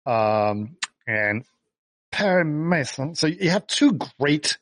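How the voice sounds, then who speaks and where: A man's voice: a little high, big pitch swings, slow, a bit bright, no room sound. A man co-hosting a casual film chat podcast, laughing often and full of fillers and restarts. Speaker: podcast co-host. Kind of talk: casual chat about films.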